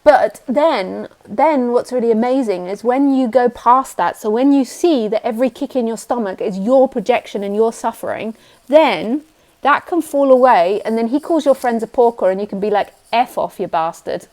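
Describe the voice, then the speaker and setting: A woman's voice: fairly high pitch, normal speed, darkish tone. A woman speaking as a spiritual teacher in a casual video call, chatty and laughing often, swearing freely and acting out quotes. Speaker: spiritual teacher, host of live broadcast. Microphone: computer mic on a video call.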